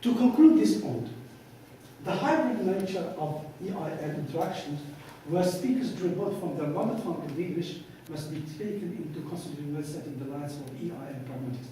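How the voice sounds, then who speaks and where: A man with a high, soft-edged voice gives a lecture and acts out both sides of the conversations in his anecdotes. He is picked up from far off in a very echoey hall. A faint hiss runs underneath. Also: expressive, brisk.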